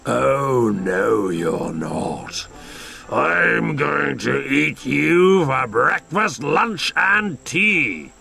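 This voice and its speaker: A man's voice: lively intonation, gravelly, sharp tone, faint music behind, exaggerated voice. A man voicing a roaring, hungry male troll in a storybook reading, drawing out his words. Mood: menacing. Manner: booming, drawn-out roars.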